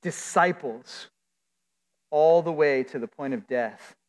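A man's voice: a little high, slow. A man preaching a sermon as pastor, earnest and emphatic, stretching out key words. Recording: long hall reverb.

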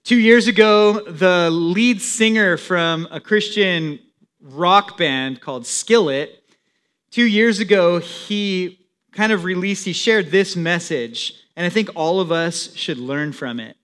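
A man's voice: on the high side, slow pace, fairly bright tone. A young man, a pastor, preaching a sermon in a plain, conversational way.

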